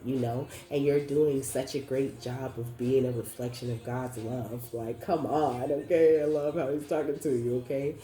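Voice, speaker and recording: A woman's voice: a bass voice, dark tone, echoey room. A woman giving a casual spiritual reading to her viewers, effusive and affirming, slangy with casual swearing. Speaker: intuitive card reader.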